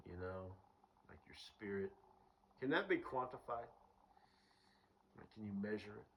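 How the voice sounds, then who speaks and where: Rambling, profane man with a lively voice. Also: lowish voice, unhurried, vocal fry, slight background noise, poor audio. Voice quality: rambling and profane, with frequent fillers. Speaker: vlogger. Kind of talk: rambling solo monologue.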